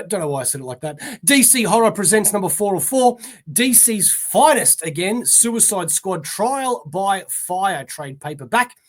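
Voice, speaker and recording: A man's voice: high-pitched, a bit bright. An Australian man hosting a comic pre-order show alone, reading titles like a newscaster and trailing off into mumbled asides. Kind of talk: casual solo list reading.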